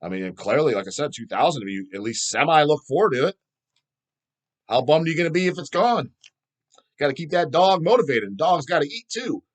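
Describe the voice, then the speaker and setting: A man's voice: on the high side, brisk. A middle-aged man hosting a metal channel, ranting profanely and answering viewer questions. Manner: profane, animated, mocks people in put-on voices.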